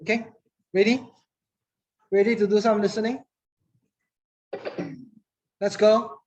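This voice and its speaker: A woman's voice: medium pitch, flat delivery, slow pace, a little mellow, slight background noise. A woman, teaching a class in a chatty manner, often repeating words and asking the class questions. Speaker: English teacher.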